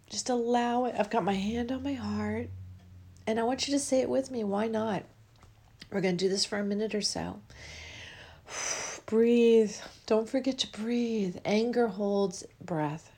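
A woman hosting a podcast and leading a guided emotional release, speaking soft repeated affirmations that drift into whispers while she is tearful. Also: mid-range voice, normal speed, husky. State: tearful, crying with a running nose. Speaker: podcast host.

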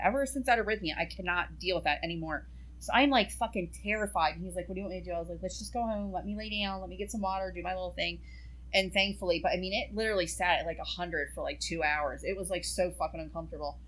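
A woman in casual chat, telling an animated personal story and swearing freely. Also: fairly low pitch, rough recording.

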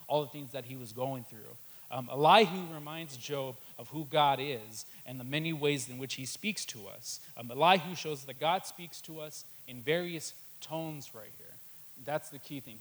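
A man's voice: medium pitch, poor audio. A man giving a sermon in a loose, conversational way, with many "um"s and a habit of saying "right there.". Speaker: preacher.

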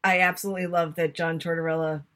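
A woman's voice: on the low side, level tone, fast talker, a bit bright. A woman co-hosting a casual sports podcast, chatty and self-deprecating, fussy about how names are pronounced. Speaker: podcast co-host.

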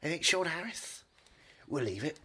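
A man doing an impression of a menacing, quietly creepy male film actor, with a low, hushed and sleazy delivery. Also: very animated, normal speed, breathy edge, exaggerated voice. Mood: deadpan.

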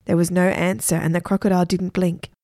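A woman narrating a children's storybook with lively, expressive delivery. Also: lowish voice, fairly quick, dry recording, clean studio sound. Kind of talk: storybook reading.

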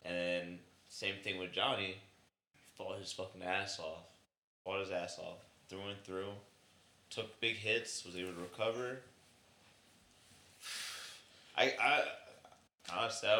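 A man's voice: deep voice, steady tone, measured pace, pauses often, pushed and bright, reverberant. A man chatting casually on a podcast, rambling and swearing freely as he reacts to a wrestling match. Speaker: podcast co-host. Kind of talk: casual chat.

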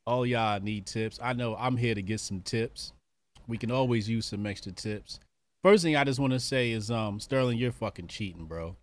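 A man's voice: on the low side, normal speed. A man hosting a casual show, hyped and slangy, laughing often with his guest. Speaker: podcast host. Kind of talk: casual interview chat.

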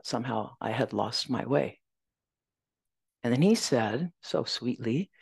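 A woman Zen teacher giving a dharma talk, reflective and gentle, telling a personal story and reciting verses slowly. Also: extremely low pitch, creaky, dry recording.

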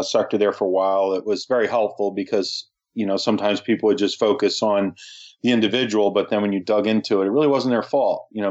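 Low-voiced easygoing man co-hosting. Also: darkish tone, dull audio. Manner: easygoing, hesitant, many fillers. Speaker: podcast co-host.

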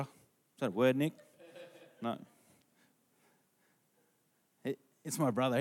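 A man's voice: medium pitch, a little mellow. A middle-aged man preaching a storytelling sermon, conversational and asking the congregation questions.

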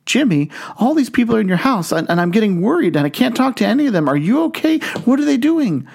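A man's voice: sits high, very animated, moderate pace, darkish tone, voice pushed up, full character voice. A man voicing a flustered male telemarketer whose polite questions grow anxious and alarmed.

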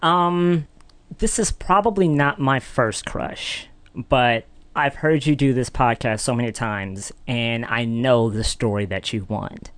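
A man's voice: mid-range voice, takes it slowly, smooth, no echo. A man, a podcast producer, telling a story in casual chat and acting out the voices in it. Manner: animated, acts out voices in his stories.

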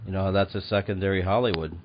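Low-voiced guy hosting a podcast, rambly with lots of ums, dull noisy audio. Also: steady tone, rapid-fire. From Chicago. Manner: rambling, hesitant with many fillers. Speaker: podcast host. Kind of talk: casual chat.

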